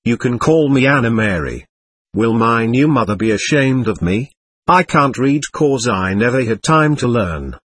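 A meek little orphan ghost girl, grateful and simple, talking earnestly and plainly, as a male reader puts her on. The voice is slightly husky and moves a lot in pitch. It is recorded close and dry. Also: expressive, unhurried, fairly bright tone, no echo.

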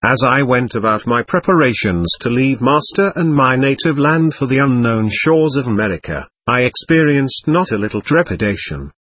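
A man narrating an audiobook memoir in an earnest, measured reading on a close microphone. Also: mid-range voice, animated, a bit bright, husky, no room sound.

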